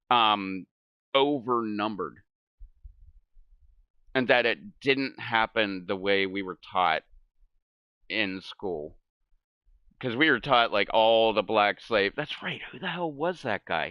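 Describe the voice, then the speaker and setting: Expressive and fairly low-pitched, a middle-aged streamer from the United States talks at a measured pace with long pauses while gaming at home. He rambles, swears, and laughs at his own stories, with no echo and the highs cut off.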